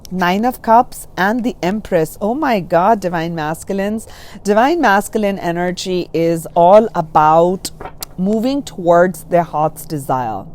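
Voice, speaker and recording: A woman giving a gentle spiritual tarot reading, soothing and reassuring, often checking in with the listener. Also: lowish voice, animated, measured pace. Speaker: tarot reader.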